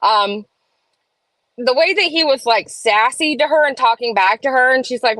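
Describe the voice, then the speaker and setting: Casting: woman, slightly high voice, chatty live-stream host, dry close sound. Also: normal speed, fairly bright tone, no echo, poor audio. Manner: chatty, reads chat aloud, opinionated asides. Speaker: livestream host. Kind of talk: casual live-stream chat. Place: home room.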